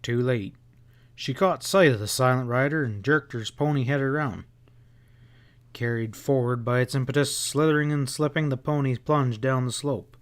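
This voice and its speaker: A man reading a western novel aloud as an audiobook narrator, in steady storytelling. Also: medium pitch, normal speed.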